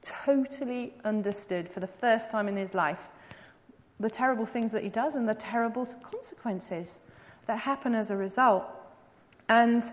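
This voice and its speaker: A woman's voice: mid-range voice, big-room sound. A woman giving a talk as a psychodrama practitioner, telling a story vividly and earnestly.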